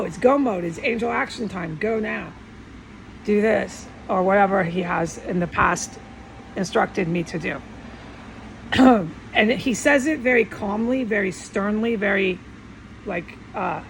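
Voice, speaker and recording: A woman's voice: medium pitch, slight background noise, rough recording. A woman talking at home in a rambling, defensive monologue, insisting on her points again and again. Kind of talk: casual monologue vlog.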